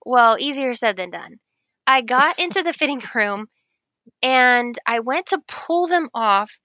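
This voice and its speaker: Bright, lively woman telling a funny story. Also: sits high, a little slow, no echo, highs cut off. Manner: animated, laughing often, acting out quoted voices. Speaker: guest writer. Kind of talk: casual storytelling chat.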